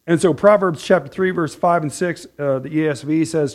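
High-voiced chatty male preacher. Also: expressive, brisk, few pauses. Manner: chatty, asks the room "right?", laughs at own jokes. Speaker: pastor. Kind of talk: conversational sermon.

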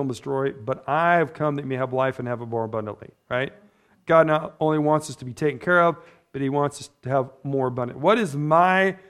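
Male pastor with a raised pitch, relaxed conversational preaching, keeps asking "right?". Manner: chatty, tags points with "right?" and "amen?". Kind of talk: conversational sermon. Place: church.

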